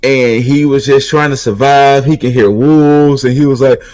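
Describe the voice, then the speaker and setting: A man's voice: medium pitch, fairly even intonation, normal speed, darkish tone, no room sound, faint music behind, rough recording. A man co-hosting a podcast, recapping in casual chat and rambling with repeated restarts. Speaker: podcast co-host recapping wrestling.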